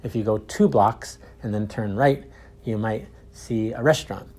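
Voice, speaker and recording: A man teaching English, with clear, deliberate repeat-after-me drills. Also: on the low side, darkish tone. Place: outdoors in a park.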